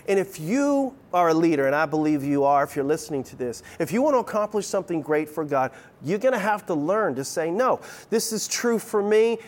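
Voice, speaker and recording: A man's voice: fairly high pitch, lively intonation, brisk, few pauses. A middle-aged man preaching a sermon as pastor, conversational and playful, with frequent restarts.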